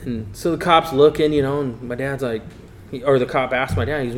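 Animated and quick to laugh, a middle-aged man being interviewed casually recounts a racing tale from his hot rod days and performs the voices he quotes. He talks fairly quickly in a medium-pitched voice, and there's slight background noise.

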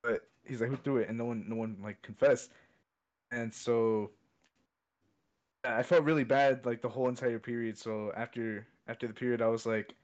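A man's voice: mid-range voice, fairly even intonation, normal speed, darkish tone. Rambling young man telling a story. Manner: rambling, repeats "I was like". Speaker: podcast co-host. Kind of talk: casual storytelling chat. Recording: dull lo-fi sound.

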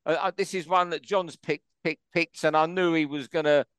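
Male host, slightly higher voice, smooth and clear, dry close sound, emphatic. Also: fairly even intonation, normal speed, a bit bright, dry recording. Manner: emphatic, opinionated. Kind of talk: boxing talk show discussion.

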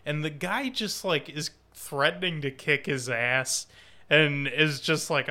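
A man's voice: fairly high pitch, a little slow, pushed and bright. A man co-hosting a casual movie podcast, critiquing a film with many filler words. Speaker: podcast co-host. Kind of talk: casual chat.

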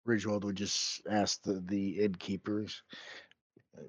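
A man's voice: on the low side, little pitch movement, a little slow, breathy edge, dry recording, dull audio. A man playing a tabletop game, describing his character's actions in a hesitant, casual way. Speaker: player. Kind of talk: casual tabletop role-play.

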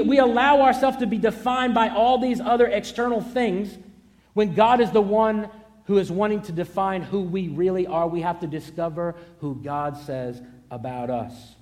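A man with a noticeably high voice preaches a sermon as a pastor. He drives his points home through emphatic, repeated declarations, building up to each one, and stops to tell a story along the way.

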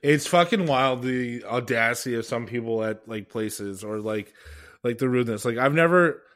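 A man's voice: medium pitch, moderate pace, a bit bright. A man cohosting a podcast, rambling with many fillers in casual chat. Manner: rambling, hesitant, full of fillers.

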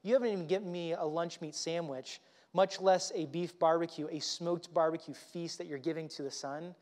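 A man's voice: on the high side, steady tone, moderate pace, a little mellow, long reverb tail, close to an everyday voice. A man voicing a resentful grown older son who complains petulantly to his father. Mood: complaining.

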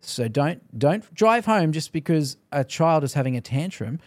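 Animated Australian man telling stories. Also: a little high, normal speed, no echo. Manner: animated storyteller, acts out quotes. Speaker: interviewer. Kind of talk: casual conversation.

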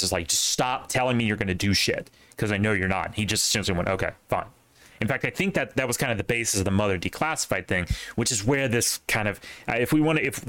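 A man's voice: lowish voice, fairly bright tone, no room sound. A young man hosting a podcast in casual chat, rambling with restarts and asides. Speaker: podcast host.

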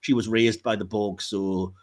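A man co-hosting a podcast in casual chat, animated and laughing often as he rants. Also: fairly low pitch, a little slow. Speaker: podcast co-host.

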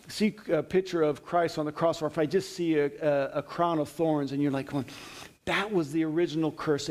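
Earnest high-voiced man preaching in a hall. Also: darkish tone. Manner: earnest, conversational storytelling with frequent restarts. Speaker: Bible teacher. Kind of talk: sermon.

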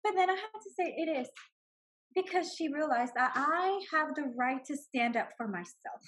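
High-pitched woman in her 40s telling her story, animated, laughs a lot. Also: moderate pace. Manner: emotional, animated, laughs often. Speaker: guest sharing her story. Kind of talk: personal testimony.

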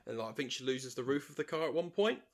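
A man's voice: medium pitch, lively intonation, fast talker. Guy on a podcast, chatty, laughs a lot, middle voice. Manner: chatty, laughs often, acts out quotes. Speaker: podcast co-host. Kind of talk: casual chat.

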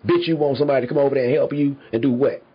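A man speaking rants to his viewers, heated and emphatic, swearing constantly. His voice is very husky and mid-pitched, and the recording sounds a little dull. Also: fairly even intonation, very fast. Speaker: commentary podcaster. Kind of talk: profane rant to viewers.

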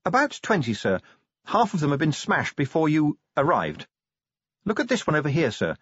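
A man's voice: a little high, wildly swooping pitch, moderate pace, fairly bright tone, husky, no echo, lo-fi sound, pitched above the performer's own voice, exaggerated voice. A man doing a deferential watch sergeant. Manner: deferential, respectful.

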